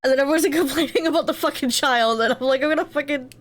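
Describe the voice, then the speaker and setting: A woman's voice: sits high, rapid-fire. A woman streamer chatting casually on a live stream, telling loose stories with a lot of swearing. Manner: loose storytelling with frequent swearing.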